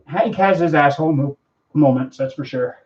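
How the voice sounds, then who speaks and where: A man's voice: on the high side, normal speed, a little mellow. A man hosting a casual livestream chat and answering viewer comments in a laid-back way. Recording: distant mic, dull sound.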